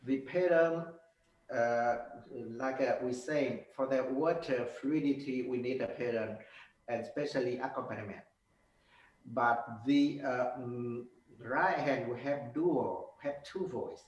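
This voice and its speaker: A man giving a piano master class, coaching in halting, simple phrases with many fillers and sung notes. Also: mid-range voice, dull audio. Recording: roomy, from far off, with piano.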